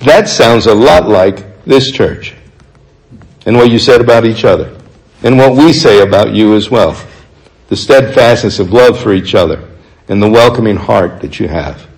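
A man preaching a sermon, reading scripture passages aloud and explaining them in an earnest, conversational way, slowing down to stress key points. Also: lowish voice, rough recording. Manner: earnest, conversational, slows for emphasis.

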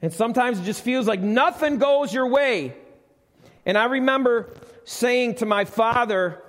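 Man, middle-aged, preacher, conversational sermon, high-pitched, echoing church recording. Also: measured pace, fairly bright tone. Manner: conversational, asks the congregation questions. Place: church sanctuary. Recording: live church recording with long reverb.

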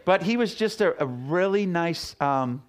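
A man's voice: fairly high pitch, animated, unhurried, background noise. A middle-aged man preaching a sermon as a pastor, talking casually and telling stories with acted-out quotes. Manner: conversational, storytelling with acted quotes.

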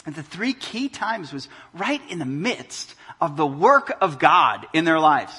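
A man preaching a sermon as pastor, building to loud emphatic peaks. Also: fairly high pitch, sing-song, measured pace, slightly rough, long reverb tail. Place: church hall.

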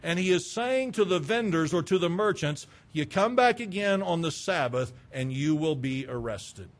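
A man preaching a sermon, fervent and emphatic, breaking into loud bursts. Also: fairly high pitch, expressive, normal speed.

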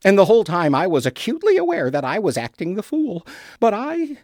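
A woman's voice: mid-range voice, huge pitch swings, brisk, a little mellow, dry recording, studio quality. A woman playing a flamboyant, overwrought male critic. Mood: rueful. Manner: overwrought, theatrical swoops between declaiming and confiding. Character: stiff, reserved male theater critic turned melodramatic ham. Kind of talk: radio drama acting.

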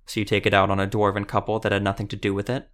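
A man voicing a grim male witcher monster hunter who questions people flatly and bluntly. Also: fairly low pitch, very fast, natural voice. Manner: clipped, flat questioning.

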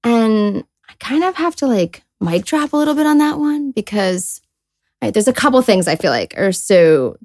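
This woman co-hosts a laid-back faith podcast, reading scripture aloud and reflecting on it earnestly and chattily, with lots of "like"s and voices for the people she quotes. Her pitch is medium and her tone darkish, with no room sound.

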